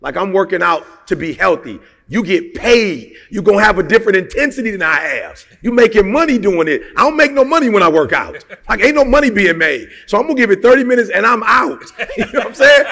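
A man with a high-pitched voice delivers a motivational talk, emphatic and full of rhetorical questions. His tone is gravelly and fry-laden, and his casual, slangy phrasing rings out with a long hall reverb behind it. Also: lively intonation, fairly quick, hardly any pauses, sharp tone. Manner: slangy and conversational. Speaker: motivational speaker.

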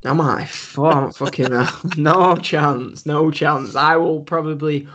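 A man's voice: on the high side, steady tone, takes it slowly, fairly bright tone, dull audio. A man hosting a wrestling podcast, chatting casually with jokes at his own expense and plenty of swearing. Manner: joking, self-mocking, swears freely.

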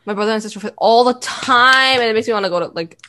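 A teenage girl co-hosting a podcast, telling family stories in a casual, animated way with many fillers. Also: a little high, fast. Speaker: podcast co-host. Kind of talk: casual chat.

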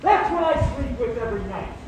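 In a leaked set recording that sounds echoey, distant and noisy, a man with a very high, expressive voice angrily berates his film crew. Speaking fairly quickly, he fires off stern, clipped threats in a furious rant.

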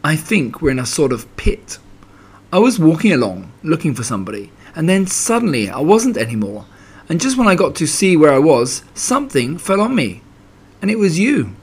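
A tiny, timid piglet with a high, squeaky voice that jumps sharply up in pitch, as a man puts him on. He sounds nervous and trembling, like a storybook animal worried something is about to go wrong. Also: sing-song, normal speed, slightly rough, full character voice.

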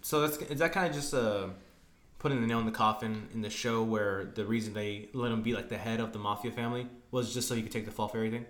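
A man's voice: lowish voice, steady tone, quick pace, a bit bright. A man co-hosting a podcast, chatting casually with jokes, swearing and frequent laughter. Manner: joking, profane, laughs often. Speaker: podcast co-host. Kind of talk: casual chat. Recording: echoey room.

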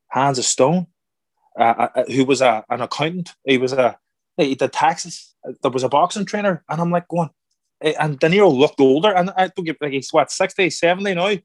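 A middle-aged man, a former boxer turned actor, telling stories in a casual interview, animated and acting out quoted voices. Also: a little high, moderate pace, no room sound. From Ireland. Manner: animated, acts out quoted voices, repeats words. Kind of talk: casual conversational storytelling.

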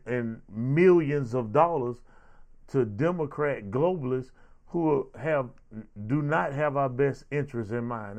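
A man's voice: medium pitch, a little mellow. A man hosting a show, giving heated, sarcastic political commentary with a lot of repetition. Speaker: show host.

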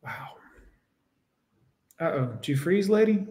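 A man's voice: high voice, expressive, slow, darkish tone. A male host doing livestream reaction commentary, mocking and sarcastic, with crude asides to his viewers.

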